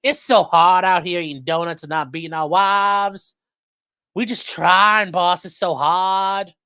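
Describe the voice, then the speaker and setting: A man voicing a bumbling male police officer with a put-on Southern US drawl, slow, whiny and exaggerated. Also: sits high, fairly even intonation, pushed and bright, clean tone, dry recording, pitched above the performer's own voice. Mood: whiny pleading.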